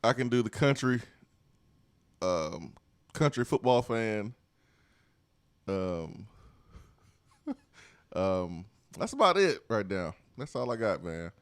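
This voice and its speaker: A playful man co-hosting sports talk radio, voice sitting fairly low. He loops catchphrases and laughs easily, and the studio sound is dry and close. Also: very animated, slow, pauses often, no echo. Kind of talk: casual sports talk chat.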